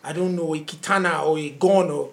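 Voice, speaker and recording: A man's voice: a little high, brisk, vocal fry. A man, a comedian telling stories in casual chat and acting out what people said, often laughing. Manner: animated storyteller acting out quotes, laughing often. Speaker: comedian guest.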